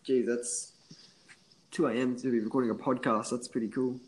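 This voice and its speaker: A man's voice: medium pitch, level tone, normal speed, husky, poor audio. Laid-back Australian man. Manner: laid-back, agreeable, laughs often. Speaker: podcast guest. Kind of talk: casual podcast chat.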